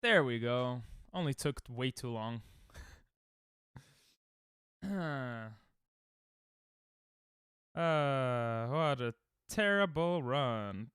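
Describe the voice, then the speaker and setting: Speaking extremely slowly and pausing often, a young male streamer chats with viewers as he speedruns. His medium-pitched voice is animated, a bit bright, clear and resonant, in a dry, studio-quality recording. His talk rambles, turns self-deprecating and frequently restarts.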